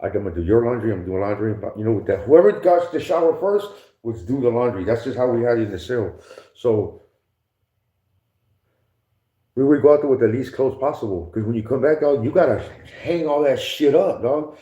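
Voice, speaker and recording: This podcast guest's mid-range voice is expressive, brisk and dark-toned as he casually tells prison stories. He uses heavy slang and profanity, laughs often and mimics others. The room is echoey and the audio dull and lo-fi.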